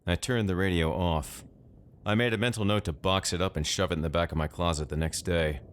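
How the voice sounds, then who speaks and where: A man narrating a first-person horror story in a measured, deadpan way. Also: low-pitched, a little hiss or hum.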